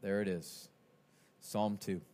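A man preaching an expository sermon, animated and swinging from quiet asides to shouted quotes. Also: on the low side, slow. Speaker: pastor.

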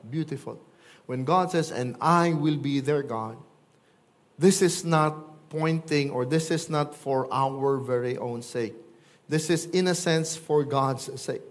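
A man, preaching a sermon and acting out quoted voices with lively swings. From Philippines. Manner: animated, acts out quoted voices with big pitch jumps. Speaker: pastor.

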